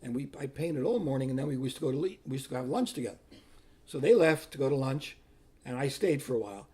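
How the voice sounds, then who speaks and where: A man's voice: medium pitch, lively intonation, fast talker, warm tone, breathy edge. An older man, once a priest, telling his life story plainly in an interview and acting out other people's words. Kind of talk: personal storytelling.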